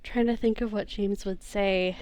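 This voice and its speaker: A woman's voice: medium pitch, fairly even intonation, normal speed, a little mellow, clean tone, no room sound. A woman playing a tabletop role-playing game who chats casually and often laughs at herself. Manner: giggly, self-deprecating. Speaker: player.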